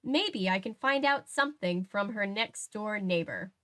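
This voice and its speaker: A woman reading as a brisk young woman detective. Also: mid-range voice, animated, fairly bright tone. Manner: brisk, plain.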